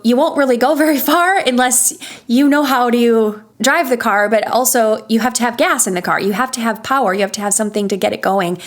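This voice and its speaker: A woman voice coach in a podcast interview, patiently explaining vocal warm-up exercises and demonstrating hums and sighs. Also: a little high, fairly quick.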